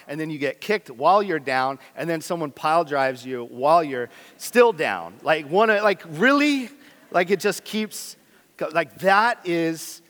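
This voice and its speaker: A man preaching a sermon with a slightly high voice, earnest and candid. He rises to loud emphasis, then drops to quiet intensity. His voice rings with the long reverb of a large church hall. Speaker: pastor.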